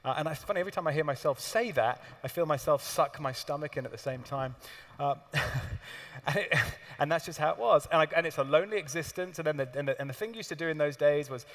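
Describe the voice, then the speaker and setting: A man speaks from a stage in a big hall, his voice carrying a long reverb. He tells stories in a lively, joking way, with a fairly high voice for a man and the odd curse. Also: quick pace. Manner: animated storytelling with laughs and swearing. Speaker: seminar speaker. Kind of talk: live stage talk to an audience. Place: large hall with audience.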